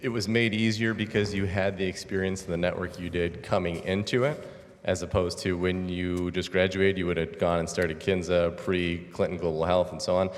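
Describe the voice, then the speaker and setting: A man moderating an interview in front of an audience, asking measured, supportive questions. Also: sits low, flat delivery. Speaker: event host and moderator. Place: lecture hall with audience. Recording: echoey hall.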